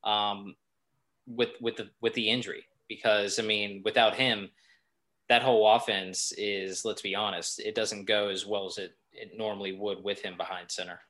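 A man with a bright, forceful tone talks football on a casual podcast. He rants in irritation, and his voice keeps rising as he pushes his point. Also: fairly low pitch, level tone, normal speed. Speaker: podcast co-host. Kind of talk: casual sports chat.

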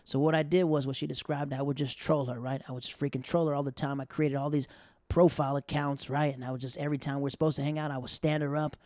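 Animated man telling a comic story. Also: on the high side, quick pace, no room sound, studio quality. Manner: loose, animated, acts out other people's voices.

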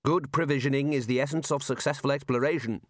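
A man's voice: mid-range voice, fairly even intonation, quick pace, no room sound, studio quality, natural voice. A man doing a pompous old wizard dean. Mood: smug.

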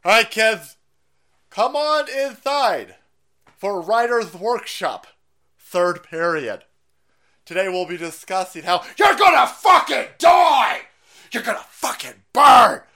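A man voicing an unhinged schoolteacher who yells threats at a classroom. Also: sits high, big pitch swings, takes it slowly, pitched above the performer's own voice, full character voice. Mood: shouting. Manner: ranting, yelling threats at children. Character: unhinged screaming schoolteacher, adult.

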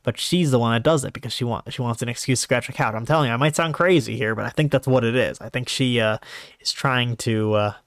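A man talking casually in a rambling monologue, full of fillers and restarts, with sudden jumps in pitch. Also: fast talker, a bit bright, no room sound, studio quality. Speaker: podcast host.

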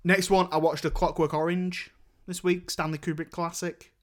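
Chatty young man, higher voice. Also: flat delivery, normal speed. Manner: rambling, chatty, laughs while retelling scenes. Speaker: podcast host. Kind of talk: casual podcast chat.

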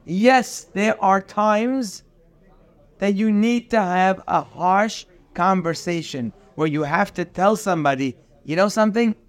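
Male Torah teacher, high voice, earnest and emphatic lecture delivery, drops in Hebrew terms. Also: takes it slowly. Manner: earnest, emphatic, repeats phrases for stress. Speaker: rabbi teaching a daily Torah class.

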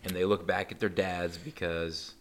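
A man's voice: low-pitched, level tone, moderate pace. A man co-hosting a casual movie podcast, talking in an easygoing way with dry teasing. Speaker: podcast co-host.

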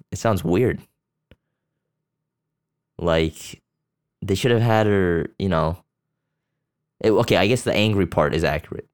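Low, smooth-voiced man chatting crudely. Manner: rambling, loose, with many fillers and restarts; blunt and crude. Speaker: podcast host. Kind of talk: casual profane movie chat.

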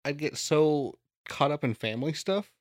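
A man co-hosting a podcast in casual chat, teasing the others in a deadpan, rambling way. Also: fairly high pitch, normal speed, no room sound, studio quality. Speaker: podcast co-host who funds the show.

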